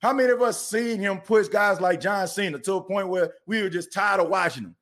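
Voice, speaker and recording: A man's voice: sits high, fairly quick, fairly bright tone. A man hosting a sports podcast, ranting with passion and repeating himself. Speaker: podcast host. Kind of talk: fired-up sports podcast rant.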